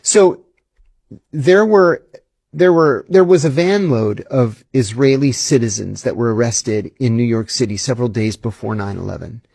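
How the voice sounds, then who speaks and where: Here the ex-intelligence officer, a guest being interviewed, narrates stories conversationally with animation, acting out quoted exchanges. His medium-pitched voice is creaky, slightly rough, and a little mellow, delivered at a moderate pace in a dry recording.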